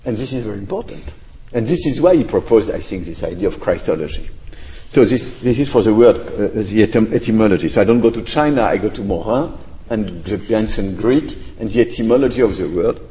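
A man's voice: lowish voice, expressive, a little fast, warm tone. A man answers an audience question in academic English, thoughtful and hesitant, hedging and restarting as he goes. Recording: echoey lecture hall.

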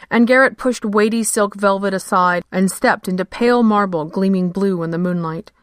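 A woman reads a fantasy story aloud in a measured, steady voice. Her pitch sits in the middle of the range. The recording is close and dry. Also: no echo. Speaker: narrator. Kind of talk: scripted fiction narration.

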